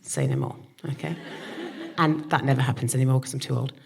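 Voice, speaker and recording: A woman's voice: rumbling low, fast, vocal fry, a little mellow, a little hiss or hum. A woman in her forties, a comedian co-host, telling a comic story on stage in front of a live audience, swearing freely and acting out the voices of the people she quotes. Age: 40s.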